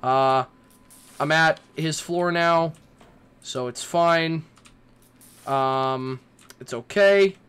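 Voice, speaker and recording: A man's voice: fairly high pitch, drawn-out words, long pauses, a bit bright, clean tone. Jittery young man rambling through a horror game. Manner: nervous, rambling, swearing, talking to game characters. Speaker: gaming YouTuber.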